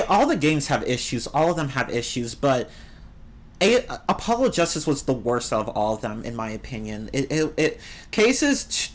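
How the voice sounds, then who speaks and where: During a casual live stream, a game streamer chats while answering viewers, rambling and opinionated with swings in pitch.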